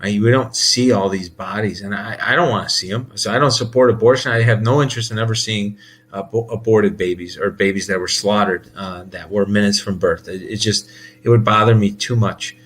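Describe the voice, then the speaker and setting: A man's voice: fairly low pitch, fairly quick, fairly bright tone, a little hiss or hum. A man talking in a casual monologue, rambling and heated, with many restarts and laughs. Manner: heated, emphatic. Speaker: podcast host.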